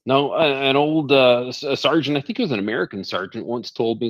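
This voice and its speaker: A man's voice: mid-range voice, brisk, few pauses, no echo. A man in a casual live audio chat, tripping over his first words before running on animatedly. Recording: dull lo-fi call audio.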